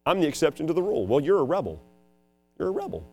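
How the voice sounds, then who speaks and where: Soft music plays behind a fast-talking man whose high voice swings widely in pitch. He preaches and teaches school, and his dramatic sermon lurches between loud emphasis and quiet asides.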